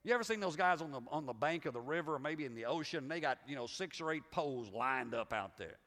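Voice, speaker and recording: A man's voice: on the high side, expressive, fast, a bit bright, long reverb tail. A middle-aged man with a Southern US accent preaching a sermon as pastor, in a folksy, conversational way with restarts and repeats. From Southern United States.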